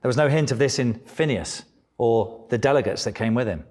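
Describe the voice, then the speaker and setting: A middle-aged man preaching a sermon, animated and acting out voices of the people in his story. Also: medium pitch, fairly quick. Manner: animated preaching, acts out voices of biblical figures.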